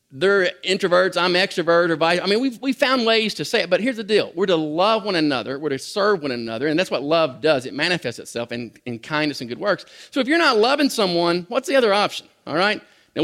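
A man's voice: fairly high pitch, a bit bright. A middle-aged man preaching a sermon in a conversational way, with frequent restarts and small laughs. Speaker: pastor.

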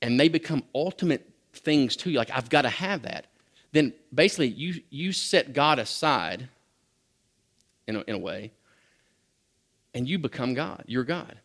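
A man's voice: mid-range voice, animated, moderate pace, pauses often, fairly bright tone. A middle-aged man preaching a sermon in a conversational way, with frequent restarts and small laughs. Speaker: pastor.

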